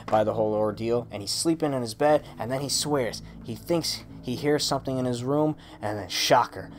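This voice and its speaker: A man giving a casual, excitable monologue, emphatic and full of swearing. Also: mid-range voice, normal speed, a little hiss or hum. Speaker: video creator.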